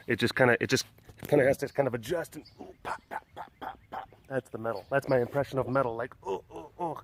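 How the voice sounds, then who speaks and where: His medium-pitched voice has a fairly bright tone as he films a casual vlog outdoors at a big cat sanctuary. Talking to both camera and tigers, he's playful and teasing, sometimes using baby talk with the cats.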